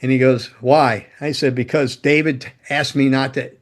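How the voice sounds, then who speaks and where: A man with a medium-pitched voice speaks at a normal pace in a steady tone. He's a guest and former guitar tech and roadie, loosely and profanely telling casual anecdotes, laughing mid-story and acting out what other people said.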